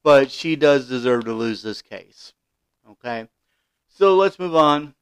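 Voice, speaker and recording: Male podcast host, opinionated commentary, smooth voice, indignant with stumbling restarts. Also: medium pitch, animated, slow, a bit bright, no echo. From Kentucky, USA.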